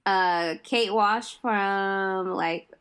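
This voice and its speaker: A woman's voice: medium pitch, drawn-out words, a bit bright. A woman co-hosting a casual chat, adding details and finishing her partner's sentences. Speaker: podcast co-host.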